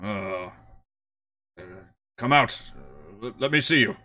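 A man gives voice to a large male kobold in a tabletop game. The kobold speaks in clear, fluent sentences rather than broken ones. The voice sits lowish and comes out slow. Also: animated, bright, forceful tone, heavily acted. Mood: cautious. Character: large male kobold with twig wings, articulate.

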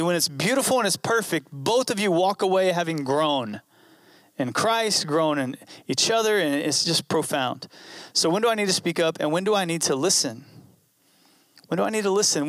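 A man's voice: sits high, a bit bright, no echo, clean studio sound. A man preaching a sermon in an earnest, conversational way, repeating key phrases. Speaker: pastor.

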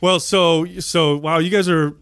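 A man co-hosting a podcast in casual chat, chatty and teasing with quick interjections. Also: fairly high pitch, steady tone, fairly bright tone, clear, resonant tone, no echo. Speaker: podcast co-host.

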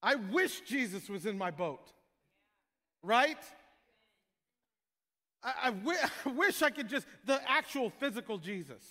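A man preaching a sermon as pastor, joking with his congregation and breaking into loud shouted prayers. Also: very high-pitched, sing-song, unhurried, pauses often, in a large hall.

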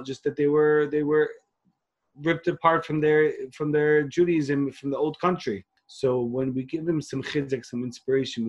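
With a voice on the high side, a rabbi and organization leader from Queens, New York, recounts his story in an interview. He is earnest, restarts frequently, and sprinkles in Hebrew and Yiddish. The recording's highs are cut off.

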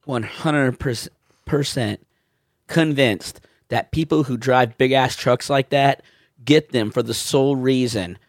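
A man's voice: mid-range voice, takes it slowly, no echo, studio quality. A man co-hosting a podcast, teasing his partner and asking questions in casual banter. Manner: jokey, teasing, asks questions. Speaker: podcast co-host.

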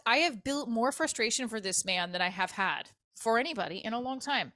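A woman's voice: medium pitch, brisk, few pauses, sharp tone, no room sound. A middle-aged woman hosting her own comedy podcast, venting in a candid, profane, exasperated storytelling manner.

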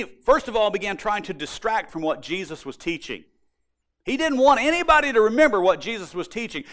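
Expressive preacher with a lively high voice. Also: male voice. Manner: emphatic, expressive, repetitive for effect. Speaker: pastor. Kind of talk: sermon.

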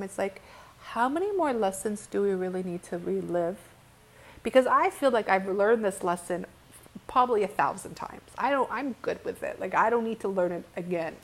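A woman speaking to her viewers as a spiritual teacher, earnest and impassioned. Her voice sits at an ordinary middle pitch. She circles back through her sentences often, leans on "like", and is blunt enough to curse. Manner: earnest and impassioned, with frequent restarts and "like"; blunt, with occasional cursing.

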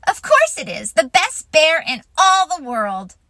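A woman voicing an excited, cheerful young boy. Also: high-pitched, measured pace, dry recording, voice pushed up, exaggerated voice. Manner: excited and bright.

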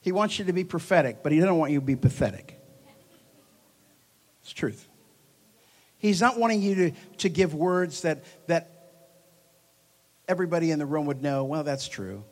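Animated male preacher, lively and joking. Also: on the high side, moderate pace, long pauses. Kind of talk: charismatic sermon. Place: church hall before a congregation.

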